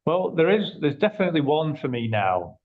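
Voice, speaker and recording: A man from England, a guest in an interview, telling anecdotes in an animated, conversational way. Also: a little high, brisk. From northern England. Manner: animated, acts out quoted dialogue. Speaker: interview guest, agency owner. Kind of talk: conversational storytelling. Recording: slightly muffled audio.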